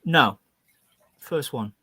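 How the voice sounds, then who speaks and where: A man's voice: mid-range voice, lively intonation, sharp tone, slightly rough, no echo. Middle-aged West Midlands Englishman on a call. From England. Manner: self-deprecating, chuckling, halting restarts. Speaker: guest YouTuber. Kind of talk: casual video-call chat.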